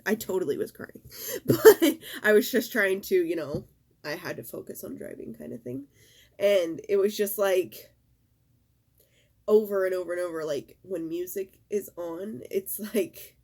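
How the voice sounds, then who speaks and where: A middle-aged woman in a casual vlog, talking in a halting, emotional way and fighting back tears. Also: on the low side, a little mellow. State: tearful. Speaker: vlogger.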